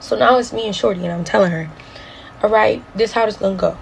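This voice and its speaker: A young woman vlogger telling a story in casual, animated style, swearing freely and acting out what others said. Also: medium pitch, quick pace, creaky, slight background noise, low-quality recording. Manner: animated, profane, acts out quotes.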